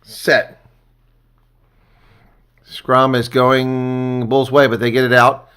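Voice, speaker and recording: A man giving casual live reaction commentary on a rugby match, chatty and thanking viewers, getting excited on big plays. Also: mid-range voice, measured pace, clean tone.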